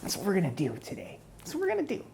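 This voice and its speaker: A man voicing a smug, menacing male hitman in a whispered role-play, taunting his captive in a soft, close voice. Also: high-pitched, wildly swooping pitch, racing, vocal fry, slight background noise, exaggerated voice. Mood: menacing calm. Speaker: ASMR role-play performer.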